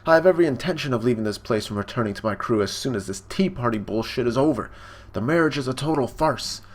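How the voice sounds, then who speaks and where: A man's voice: medium pitch, expressive, quick pace, pitched above the performer's own voice, lightly acted. A man voicing a defiant, hot-tempered young fighting cook while retelling a cartoon scene.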